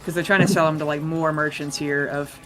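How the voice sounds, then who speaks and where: A man's voice: fairly high pitch, fairly even intonation, fairly quick, sharp tone. A man narrating as game master of a tabletop game, in a loose, rambling, joking way.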